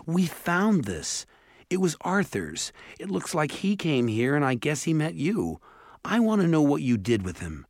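A man voicing a defiant, anxious young boy in a storybook reading, his voice raised higher and quicker. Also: huge pitch swings, dry recording, studio quality, full character voice. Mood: insistent. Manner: urgent and insistent. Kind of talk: audiobook character voice.

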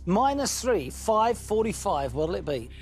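Brisk quiz show host. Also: male voice, sits high, very animated, soft background music. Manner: brisk, upbeat, teasing. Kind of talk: game show hosting.

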